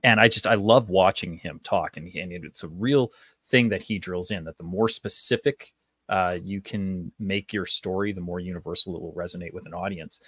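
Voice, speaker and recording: A man's voice: low-pitched, moderate pace, fairly bright tone, slightly rough, no echo. A man who coaches public speaking, guest on a radio interview, telling a story in a loose, rambling way with fillers. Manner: storytelling with many fillers and restarts. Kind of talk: casual interview talk.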